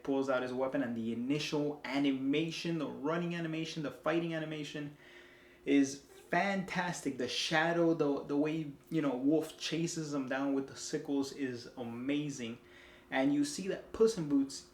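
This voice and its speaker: A man's voice: mid-range voice, slight background noise. A man giving an enthusiastic, rambling casual film review, full of fillers and restarts. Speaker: movie reviewer. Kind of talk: casual spoken movie review. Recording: echoey room.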